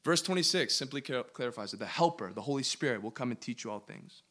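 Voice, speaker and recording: A man teaching a Bible study as a pastor, emphatic, asking his listeners questions and slowing down to stress key words. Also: mid-range voice, animated, a bit bright. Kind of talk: interactive sermon teaching.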